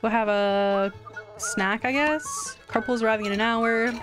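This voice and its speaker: Over music, a young woman speaks a little slowly in a fairly high-pitched voice while live-streaming a game. She chats and giggles at what happens on screen, squealing in excitement when she wins.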